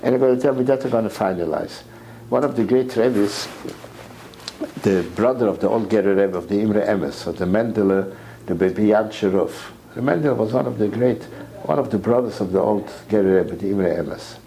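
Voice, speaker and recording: A man giving an impassioned sermon lecture, repeating words as his voice climbs to near shouts. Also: on the low side, a little fast, slight background noise, poor audio. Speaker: rabbi lecturer.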